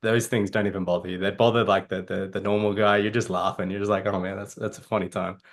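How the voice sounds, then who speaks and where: Man, dating coach, low voice, rambling, profane, casual panel story. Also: flat delivery, fast. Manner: rambling, profane, laughing at himself.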